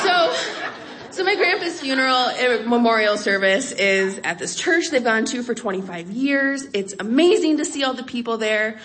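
A woman's voice: on the high side, animated, moderate pace, fairly bright tone, a little hiss or hum. A woman telling a personal story live on stage with wry comic timing.

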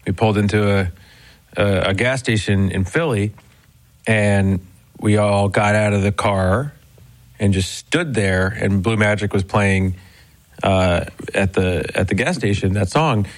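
A man from New Jersey, a musician guest in a radio interview, telling a story in a quick, rambling way. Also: lowish voice.

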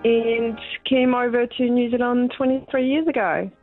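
A woman's voice: fairly high pitch, flat delivery, moderate pace, faint music behind. Swiss-born woman calling in on a dull line. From Switzerland. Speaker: caller. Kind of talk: casual radio phone chat. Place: on a phone call.

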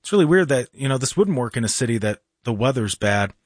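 A man's voice: medium pitch, lively intonation, quick pace, dry recording, clean studio sound. A male talk radio host ranting in casual chat, with many restarts.

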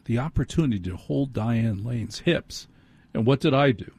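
A male late-night radio host talks through a self-deprecating anecdote in a husky, mellow voice. The sound is dry and close on a studio mic, with no room around it. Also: medium pitch, no echo. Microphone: studio microphone.

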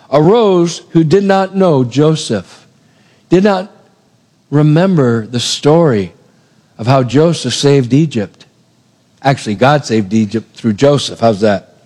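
Animated male preacher in a reverberant hall. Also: fairly high pitch. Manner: animated storytelling, acting out characters' lines. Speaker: pastor. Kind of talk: sermon retelling scripture.

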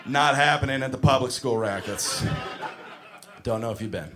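A man doing a stand-up routine, profane and animated, shouting his punchlines. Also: medium pitch, moderate pace, crowd noise, noisy background. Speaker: stand-up comedian.

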